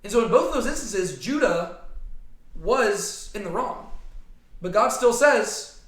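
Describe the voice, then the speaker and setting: A man's voice: sits high, expressive, moderate pace. A man teaching a casual Bible study to a small group, talking conversationally and often checking in with "right?". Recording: echoey room.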